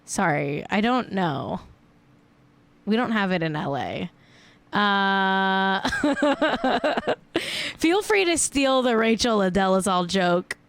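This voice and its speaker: A woman's voice: medium pitch, lively intonation, slow pace, creaky, pauses often. Giggly chatty woman host. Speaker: host of a celebrity gossip show. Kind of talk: casual live-stream chat.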